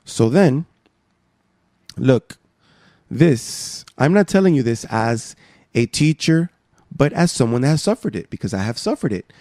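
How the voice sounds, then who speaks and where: A man preaching a sermon, emphatic, swinging from soft asides to raised exhortations. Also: mid-range voice, big pitch swings, unhurried, long pauses, dry recording, clean studio sound.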